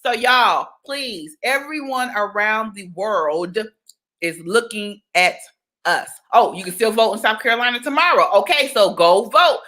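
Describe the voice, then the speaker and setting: A young woman from Georgia, chatting casually on a livestream, animated and talkative. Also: a little high, a little slow. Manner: chatty, animated, breaks into sung exclamations. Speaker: livestream host.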